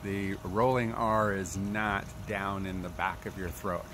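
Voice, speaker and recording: A man with a lowish voice walks through pronunciation at an unhurried pace, patiently repeating each sound to demonstrate it. Clear background noise sits under his voice throughout. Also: fairly even intonation. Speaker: language teacher. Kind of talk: spoken tutorial. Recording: noisy background.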